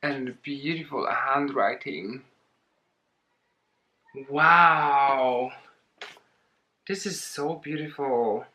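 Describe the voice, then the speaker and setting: A woman talking casually in a home unboxing vlog, excitable and giggly, gushing over what she opens. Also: extremely low pitch, very slow, pauses often. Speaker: plant vlogger.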